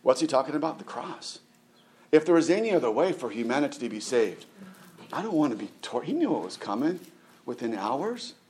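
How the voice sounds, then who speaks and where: A man's voice: mid-range voice, big pitch swings, darkish tone. A middle-aged man giving a conversational sermon as a pastor, often restarting his words and asking the listeners rhetorical questions. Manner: halting, repeats words, asks rhetorical questions.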